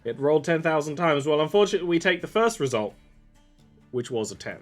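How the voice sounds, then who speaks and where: A man running a tabletop game as game master, his pitch rising and falling with lively energy. He narrates casually, tossing off quick asides and laughing with his players, over faint music in the background.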